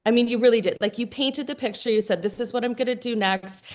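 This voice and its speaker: A woman's voice: on the high side, fast talker. Effusive woman praising her team. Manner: effusive, chatty, many fillers and restarts. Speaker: team leader of a sales business. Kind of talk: congratulatory talk on a group video call. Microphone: video call.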